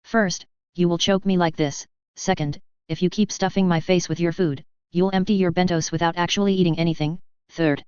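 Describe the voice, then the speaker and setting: A woman's voice: fairly low pitch, fairly even intonation, a little fast, hardly any pauses, a little mellow, clean tone, no room sound, natural voice. A woman voicing a laid-back, blunt young man with a dry, matter-of-fact manner, in a dull lo-fi recording. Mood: wry.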